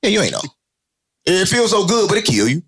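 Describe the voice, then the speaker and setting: A man giving an interview in loose, unfiltered street talk, animated and joking, cursing and repeating his catchphrases. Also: high voice, a little fast, slightly rough. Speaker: interview guest.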